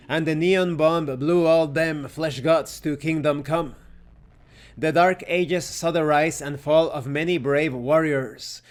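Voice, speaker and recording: Higher-voiced man reading game lore. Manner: stops to correct his own pronunciation. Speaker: channel host reviewing a tabletop game. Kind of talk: reading game lore aloud, then closing remarks.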